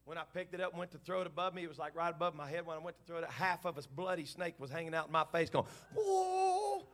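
A middle-aged man, preaching a sermon in church, moving between quiet storytelling and shouted, fervent preaching. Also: on the high side, steady tone, racing.

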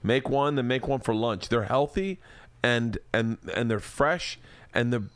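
A man's voice: medium pitch, a little slow, a bit bright, clean tone, no echo. Joking, profane male podcast host. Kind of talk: casual ad read.

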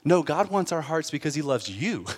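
A man's voice: a little high, very animated, moderate pace, long reverb tail. A man preaching a sermon in an earnest, conversational way, building to emphatic peaks. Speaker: pastor.

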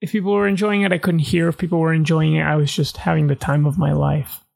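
A man with a high voice and a gravelly fry talks earnestly in a casual podcast chat. He hedges and breaks off mid-phrase as he works through his point. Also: flat delivery, fast, darkish tone. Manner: earnest, hedging, talks in fragments. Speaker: podcast co-host, comedian.

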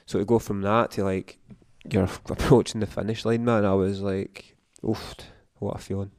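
A man's voice: lowish voice, little pitch movement, moderate pace, a little mellow. A man, a podcast guest, telling an emotional story in casual chat, swearing often.

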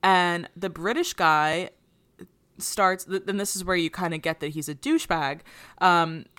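A woman's voice: on the low side, steady tone, unhurried, fairly bright tone, clean tone. Rambling young woman podcaster. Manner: rambling, filler-heavy retelling. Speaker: podcast co-host. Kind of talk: casual chat recapping a movie.

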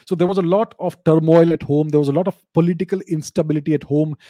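A man answering viewer questions in an unscripted explanatory talk, measured, often repeating and restarting phrases. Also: fairly high pitch, fairly even intonation, warm tone, dry recording.

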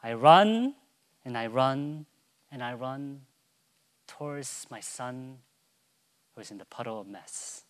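A man pastor preaching a sermon, moving from soft, hushed storytelling to loud, soaring proclamation and acting out a child's calls in a high voice. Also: animated, slow, pauses often.

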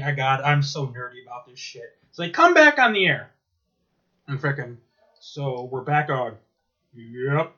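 A man chatting casually and excitedly, rambling and swearing as he retells cartoon bits. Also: medium pitch, highs cut off. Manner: excitable, rambling, swears a lot, laughs often. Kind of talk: casual chat.

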